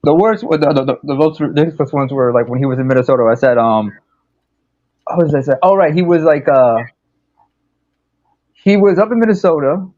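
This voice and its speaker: A man's voice: on the high side, brisk, pauses often, a little mellow. A man on a podcast hangout, joking and rambling in casual chat. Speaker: podcast panelist. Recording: dull lo-fi online audio.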